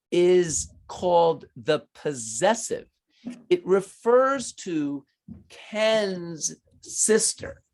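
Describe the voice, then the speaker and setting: A man teaching math to children, patient and encouraging as he explains each step. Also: high voice. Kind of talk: online class teaching.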